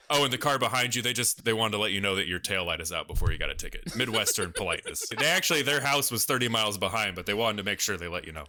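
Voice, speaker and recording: Podcast co-host, male, low voice with a bright edge, deadpan mock-suspense storyteller, dry close mic. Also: rapid-fire, hardly any pauses, no echo.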